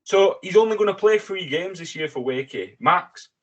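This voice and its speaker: Excitable swearing man. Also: high-pitched, moderate pace, muffled recording. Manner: excitable, swears a lot when riled. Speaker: podcast co-host. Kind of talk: casual chat.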